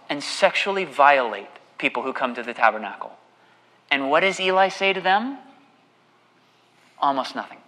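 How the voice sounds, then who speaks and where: High, bright-voiced man preaching in a hall. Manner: animated, mocking voice for quoted husband. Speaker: pastor. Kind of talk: sermon.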